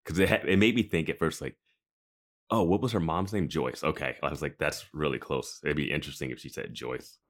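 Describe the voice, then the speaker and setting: A man's voice: rumbling low, fairly even intonation, fairly quick, a bit bright. A man co-hosting a podcast, chatting casually with musing comments and frequent laughs. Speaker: podcast co-host. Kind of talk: casual chat.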